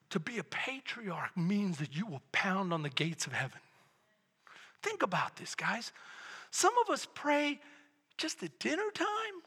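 A middle-aged man preaching a sermon as pastor, building from quiet storytelling to loud shouted preaching. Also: very high voice, slightly rough. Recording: long hall reverb.

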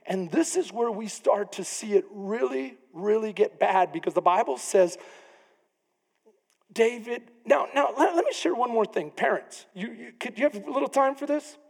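A man preaching a sermon as pastor, animated, often acting out the people in his story. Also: extremely high pitch, normal speed, creaky. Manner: animated preaching, acts out quoted voices. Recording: long reverb of a church hall.

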